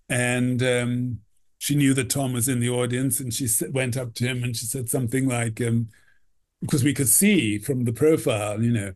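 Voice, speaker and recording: A man's voice: mid-range voice, normal speed, darkish tone. A man recounts backstage memories as an interview guest, rambling and peppering his talk with "you know". He slips into acting out the people he quotes. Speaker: costume designer, guest. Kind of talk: anecdotal interview storytelling.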